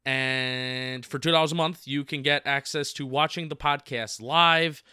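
A man from the United States co-hosting a podcast, chatting casually and reading a sponsor plug with quick, jokey energy. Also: mid-range voice, fairly even intonation, bright, forceful tone, smooth, no room sound, clean studio sound. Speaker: podcast co-host.

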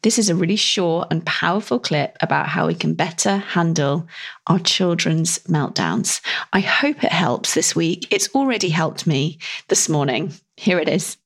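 A woman introduces her podcast episode in a welcoming scripted read. Her voice sits a bit low for a woman. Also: animated, a little slow, slightly rough. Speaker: podcast host.

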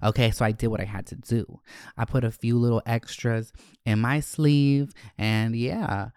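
A young man hosts a podcast and tells stories from his childhood, swearing freely and joking as he goes. His voice is smooth and resonant. The sound is close and dry, with no room echo. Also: medium pitch, steady tone, unhurried, a little mellow. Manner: candid, profane, joking. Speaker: podcast host. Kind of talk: casual storytelling.

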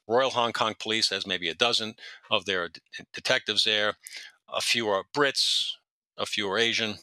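A man telling stories in a very bright, tense voice, and the sound is close and dry. He rambles, restarts sentences and doubles back in time as he talks. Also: on the low side, dry recording. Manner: rambling, self-correcting, jumps around in time. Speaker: podcast guest, retired police detective. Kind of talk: storytelling in a casual interview.

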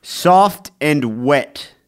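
A man's voice: a little high, expressive, drawn-out words, clear, resonant tone. A man co-hosting a podcast in casual chat, playful and argumentative. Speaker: podcast co-host.

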